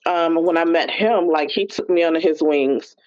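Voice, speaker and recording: A woman, a gospel singer and actress, telling her story in a chatty, animated way over a remote call. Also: low-pitched, normal speed. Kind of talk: casual storytelling interview. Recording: muffled remote call audio.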